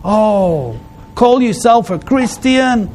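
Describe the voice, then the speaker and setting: A man's voice: high voice, lively intonation, slow, darkish tone, voice pushed up. A scornful enemy spirit jeers with accusations, as a male preacher puts him on. His voice climbs well above the man's own, sneering and mocking. A faint hum lies under the voice.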